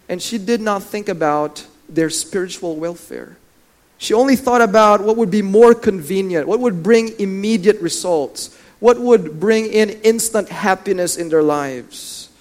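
A man preaching a sermon in a high voice. He swings from loud, pressing lines to soft, low ones, asks the listeners questions directly and acts out the biblical characters as he goes. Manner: rises and drops in volume for emphasis, asks the listeners questions.

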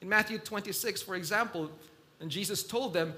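A man preaching a sermon in a slow, emphatic delivery that swells loud and drops soft. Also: high-pitched.

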